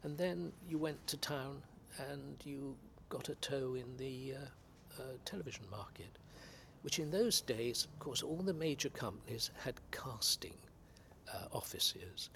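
An older man from England's West Country, an actor guest reminiscing in unhurried anecdotes about his career. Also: mid-range voice, lively intonation, vocal fry, a bit bright, a little hiss or hum. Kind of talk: reminiscing interview.

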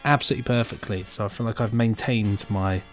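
A man's voice: lowish voice, fairly even intonation, quick pace, faint music behind. Chatty man, enthusiastic podcast host. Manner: chatty, enthusiastic, laughs easily. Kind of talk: casual chat.

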